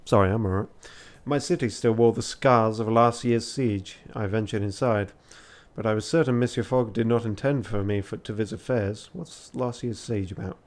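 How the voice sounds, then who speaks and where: A man's voice: fairly low pitch, normal speed, few pauses. Tired male streamer, reads a text game aloud with self-mocking asides and swearing. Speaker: charity streamer.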